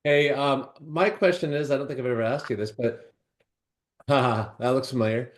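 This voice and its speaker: A man's voice: mid-range voice, fairly even intonation, normal speed. A man on a video call asking an earnest question, often repeating words as he talks. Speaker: real estate agent asking a question.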